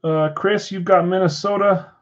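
A man with a slightly high voice calls out names and team picks in a steady, list-like run during a card break. The stream audio is dull and lo-fi. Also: unhurried. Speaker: card shop breaker assigning teams. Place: card shop.

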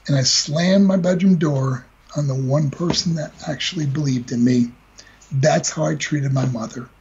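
An older man with a very husky voice, telling a personal story in an earnest, heartfelt way with many repeated words. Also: on the high side, moderate pace, a little mellow. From United States. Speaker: guest speaker. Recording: dull lo-fi call audio.

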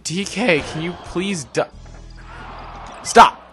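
An excitable young man talks over a video game, his pitch swinging widely between grumbles and yelps. He speaks slowly and mocks his own play. Faint music plays underneath. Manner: excitable, self-deprecating, given to sudden yelps. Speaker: let's play commentator. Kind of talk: casual gameplay commentary.

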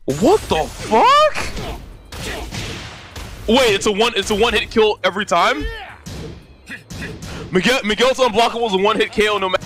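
Give me a young man on a live game stream, high and sharp-toned, exasperated, swearing, laughing a lot. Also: fairly quick, pauses often, faint music behind. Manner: loud, exasperated, swearing, yelling at chat; frequent laughter.

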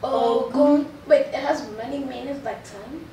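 A woman's voice: high-pitched, unhurried, gravelly, mellow. A woman student in a language class, repeating words back to her teacher and asking short questions. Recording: roomy sound, mic far off.

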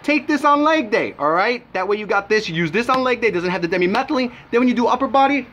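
Brash, fast-talking young man. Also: sits high, a little hiss or hum. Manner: brash and profane, animated storytelling. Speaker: supplement reviewer. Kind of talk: casual vlog review.

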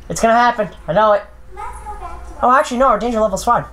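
A woman playing a horror game with friends, loud and excitable, swearing and shrieking at scares. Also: on the high side, fast talker. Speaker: let's play gamer. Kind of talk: casual group gameplay chat. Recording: noisy home recording.

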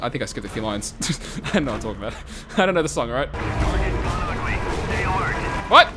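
Brief: young male gameplay host, hoarse, swearing and shouting at the game, music behind. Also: medium pitch, sing-song, a little fast, long pauses. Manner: loud, laughing, swearing, yelling at the game. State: hoarse from screaming. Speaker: gaming video host. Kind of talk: gameplay commentary.

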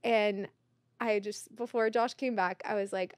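A woman's voice: medium pitch, a little slow, no echo. A woman, a podcast guest, telling stories in casual chat and acting out what people said. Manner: animated, acts out quoted voices.

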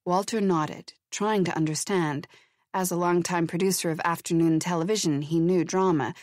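Woman audiobook narrator, lowish voice, measured and wry, dry close studio sound. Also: fairly even intonation, a little mellow, dry recording. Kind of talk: scripted narration. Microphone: close studio mic.

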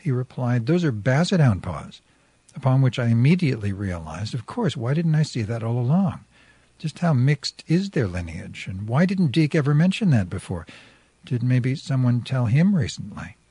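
Husky man reading a story aloud. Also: mid-range voice, dark tone, no echo. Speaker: radio host reading aloud.

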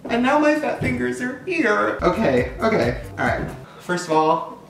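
A young man filming a casual unboxing vlog. He is excitable and swears a lot, and often breaks into laughs and gasps. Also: sits high, unhurried, creaky, faint music behind. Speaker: vlogger. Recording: roomy echo.

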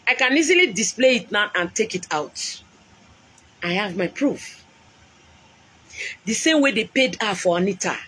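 A prophetess with a Nigerian accent gives an emotional, impassioned live-stream address, repeating lines for emphasis. Her husky, mid-range voice is bright and forceful, with lively intonation, a moderate pace, and long pauses.

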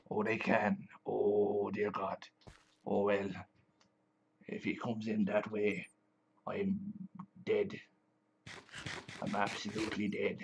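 A man's voice: lowish voice, vocal fry, a little hiss or hum. A man hosting a let's play in a pirate persona, growling "arr" between chatty remarks. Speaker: gaming channel host. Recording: slightly dull lo-fi with faint music.

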